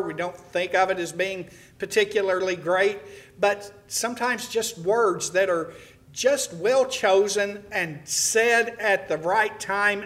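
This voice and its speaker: Bright-voiced, high-pitched male preacher. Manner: folksy storytelling with frequent "uh" and restarts. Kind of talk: sermon to a congregation.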